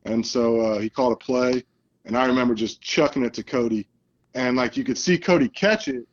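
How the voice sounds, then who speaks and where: Man telling animated football stories. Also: mid-range voice, moderate pace, dull audio. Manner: animated storyteller, acts out quoted lines. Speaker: guest, football coach. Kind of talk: casual storytelling interview.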